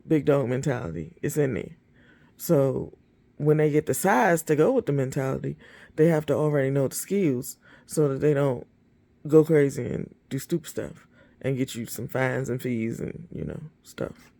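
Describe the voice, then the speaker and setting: A woman talks straight into her phone camera, handing out dog-training advice. Her voice is gravelly with a dark, mellow tone, and she keeps it blunt and emphatic, like she's chatting with friends. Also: a bass voice, normal speed. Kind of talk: casual talk to camera.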